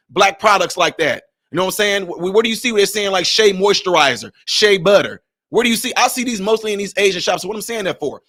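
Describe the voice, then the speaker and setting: A man's voice: high voice, pushed and bright. A man giving emphatic, conversational commentary in a vlog, speaking directly to his viewers.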